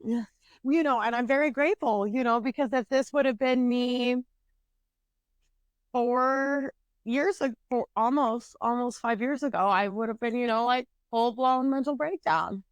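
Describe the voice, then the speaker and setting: A woman in her twenties co-hosting a podcast, telling a story in casual, animated chat and swearing freely. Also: a little high, measured pace, dry recording. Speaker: podcast co-host.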